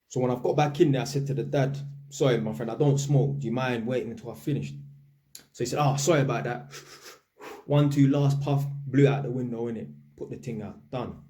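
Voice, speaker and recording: The reverberant recording features a young man from England with a mid-range voice. Animated and slangy, he casually relates a story from his electrician work, playing out the people he quotes.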